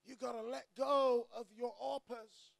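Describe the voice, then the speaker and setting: A man preaching an energetic sermon to a crowd, often shouting. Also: very high voice, measured pace, gravelly. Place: church or event hall.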